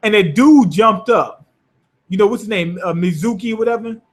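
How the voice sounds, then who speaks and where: A man's voice: sits high, normal speed. A man recapping an anime episode in a loose, rambling, profane way. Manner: profane, rambling, animated retelling. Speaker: anime reviewer.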